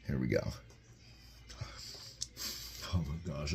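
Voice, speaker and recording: Upbeat deep-voiced man chatting while eating. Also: unhurried, vocal fry, a little mellow, soft background music. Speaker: vlogger reviewing a meal. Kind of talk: casual vlog chat. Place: home kitchen. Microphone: camera mic, propped-up phone without tripod.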